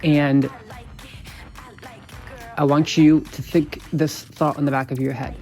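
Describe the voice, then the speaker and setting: A man's voice: level tone, takes it slowly, long pauses. Emphatic man coaching listeners, music behind. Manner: emphatic, repetitive, swears, addresses listeners as "you guys"; voices sample lines in a lower, quieter tone. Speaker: podcast host, dating coach. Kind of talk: instructional podcast monologue.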